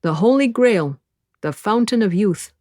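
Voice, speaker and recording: A woman's voice: mid-range voice, expressive, a little slow, a little mellow, dry recording, clean studio sound, pitched above the performer's own voice, lightly acted. A woman voicing an older male fisherman who is boozy, blunt and expansive. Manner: expansive, teasing.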